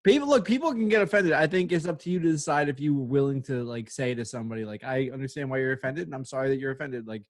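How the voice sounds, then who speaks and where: A man's voice: mid-range voice, fast, hardly any pauses. A male comedian co-hosting a podcast from a room at home, teasing the others in casual chat and laughing often.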